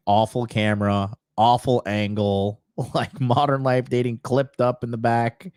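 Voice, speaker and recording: A man's voice: lowish voice, darkish tone, no room sound, clean studio sound. A man in his thirties hosting his show, talking loosely and swearing to his viewers while laughing at himself. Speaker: host. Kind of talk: casual talk to viewers.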